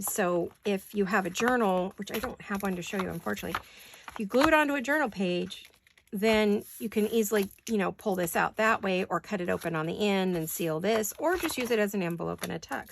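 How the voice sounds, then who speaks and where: A woman's voice: medium pitch, brisk, creaky, noisy background. A woman chatting casually to her viewers while crafting in her home studio, thinking aloud and laughing easily. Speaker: paper craft vlogger. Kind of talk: casual crafting chat to camera.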